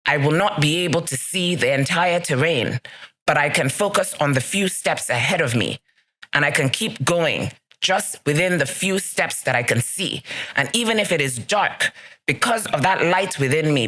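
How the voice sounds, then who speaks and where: Bright-voiced woman giving earnest advice. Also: deep voice. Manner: earnest, emphatic, repeats phrases for effect. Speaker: podcast host. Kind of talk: solo motivational podcast talk.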